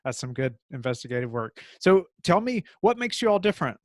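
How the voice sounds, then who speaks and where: A man's voice: fairly high pitch, sing-song, brisk, dry recording, studio quality. A man hosting an interview, affirming his guest and asking probing follow-up questions. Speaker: interview host.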